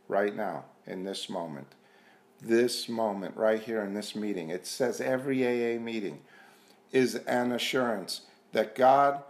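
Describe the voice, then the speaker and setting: A man giving an earnest, self-mocking personal testimony at a recovery meeting, repeating himself and sometimes dropping to a hushed voice. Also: mid-range voice. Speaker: speaker sharing at a recovery meeting. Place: meeting room.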